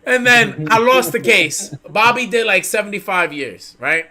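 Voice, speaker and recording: Man, streamer host, lively swooping delivery, slightly high, bright edge, profane casual storytelling. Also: normal speed. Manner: animated, profane, laughing storyteller.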